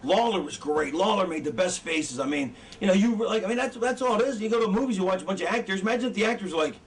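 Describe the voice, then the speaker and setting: A man's voice: high voice, lively intonation, fast talker. A man lecturing wrestling students in a casual, profane, rambling way, often losing his train of thought. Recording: distant mic with background noise.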